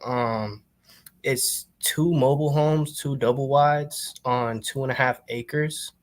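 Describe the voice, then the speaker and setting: A man, a student on a coaching call, describing a deal in a measured way. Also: mid-range voice, fairly even intonation. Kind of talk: casual deal discussion.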